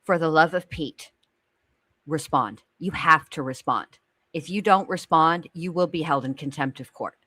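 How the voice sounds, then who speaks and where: A woman's voice: sits low, a little slow, pushed and bright, no room sound. A woman co-hosting a casual commentary chat, pleading earnestly and reading aloud with blunt asides. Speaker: co-host.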